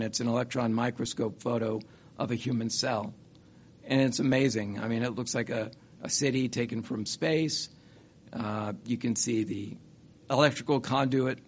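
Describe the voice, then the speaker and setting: Man, sermon, earnest, halting, rhetorical questions, mid pitch, faint background noise. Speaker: church speaker.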